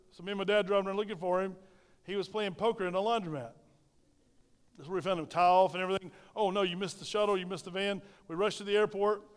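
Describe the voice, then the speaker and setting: In a church sanctuary that sounds like a large hall, a middle-aged pastor preaches through a handheld mic in a high, clean voice. His sermon is built on stories, repeated phrases, and questions directed at the congregation.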